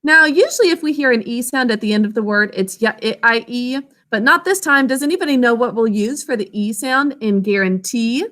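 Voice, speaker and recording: A woman teacher leading an online spelling lesson, sounding out words slowly and clearly, syllable by syllable, on a video call. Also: on the high side, lively intonation, fairly bright tone.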